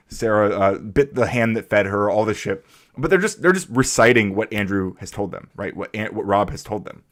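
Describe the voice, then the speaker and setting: A man with a lowish voice hosts a live stream and rants through heated commentary. He talks emphatically, swears, and stumbles over repeated words, and his tone stays fired up throughout. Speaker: streamer host.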